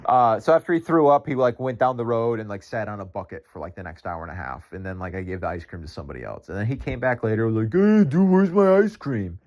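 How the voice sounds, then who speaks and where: A man's voice: fairly low pitch, animated, quick pace, few pauses. A young man, a podcast host, tells a rambling story in casual speech, full of filler words and swearing. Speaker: podcast host and ice cream vendor.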